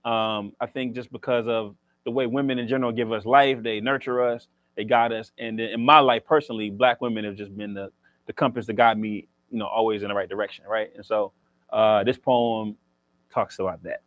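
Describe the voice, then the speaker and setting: A man's voice: on the low side, fairly even intonation, fairly quick, no echo, muffled recording. A man performs spoken word poetry as the featured poet at a library reading, with a rhythmic, preacher-like cadence and joking banter between poems.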